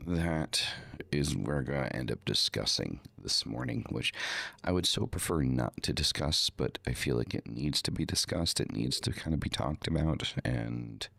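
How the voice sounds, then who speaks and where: A man's voice: rumbling low, vocal fry, a bit bright, no echo, clean studio sound. A man hosting his own live podcast, chatting casually and rambling with many fillers and repeated words, using a home streaming mic. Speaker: podcast host.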